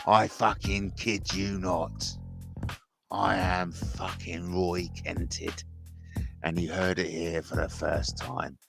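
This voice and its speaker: A man's voice: low-pitched, flat delivery, slow pace, vocal fry, over music. A man hosting a rambling livestream, mocking and swearing and repeating himself. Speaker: host. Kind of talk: rambling solo livestream rant.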